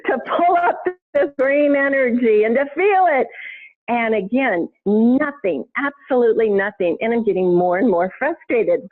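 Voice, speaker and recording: A woman guest on a podcast talks in a lively storytelling way, laughing often and swinging her voice up and down. Her voice sits somewhat high. It comes through a thin, tinny phone-like line. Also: measured pace. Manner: animated, laughs often, expressive pitch swings. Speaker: podcast guest, intuition teacher. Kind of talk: conversational storytelling.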